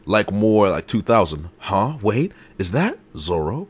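A young man hosting a live comic reaction, excitable and hype with loud outbursts. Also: lowish voice, measured pace, hardly any pauses, husky. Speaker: channel host.

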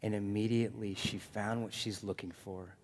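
A male pastor preaching a sermon to his congregation in a lively, joking manner. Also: lowish voice, normal speed, slight background noise. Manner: animated preaching, jokes with the congregation. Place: church sanctuary. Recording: long hall reverb.

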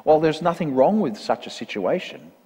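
A man reading a parable aloud in a church service, in a measured, earnest storytelling manner. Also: a little high, animated, warm tone, husky. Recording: long church reverb.

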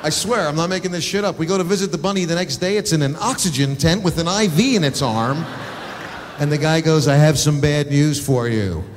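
A man performing stand-up comedy, telling crude, exasperated stories with quick acted asides. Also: fairly high pitch. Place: theater stage. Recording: live show in a large hall, audience noise.

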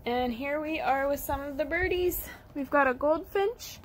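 A woman's voice: high voice, a little slow, a little hiss or hum. A woman teaching toddlers at storytime, reading aloud in an encouraging, sing-song way. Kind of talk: storytime lesson for young children.

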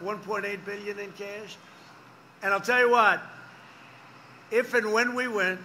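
Older man, bright, boastful rally rambling. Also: high voice, slight background noise. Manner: rambling, repetitive, full of digressions and asides; mocking and boastful, acting out quoted exchanges. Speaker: politician at a campaign rally. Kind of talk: off-the-cuff rally speech. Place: outdoor airport rally.

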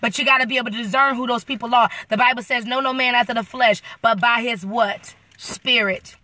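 A woman hosting a live-stream inspirational talk, animated and preacherly, speaking straight to her viewers. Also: on the high side, fairly quick. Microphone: phone.

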